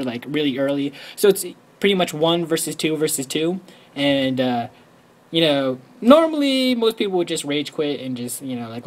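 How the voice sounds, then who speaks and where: A man chatting over his gameplay in a loose, rambling way, tossing "like" into nearly every phrase. His pitch swings around a lot, and he jumps up into high squeals whenever he acts out his own excitement. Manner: rambling, excitable, heavy use of "like"; bursts into high squealing when quoting himself. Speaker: gameplay commentator. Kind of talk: casual game commentary.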